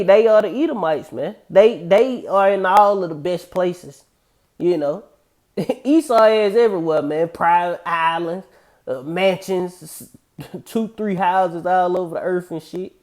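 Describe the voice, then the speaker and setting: A man's voice: sits high, a little mellow. Man casually reading scripture with profane commentary. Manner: reads verses slowly then riffs loosely; profane, streetwise slang. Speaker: scripture teacher.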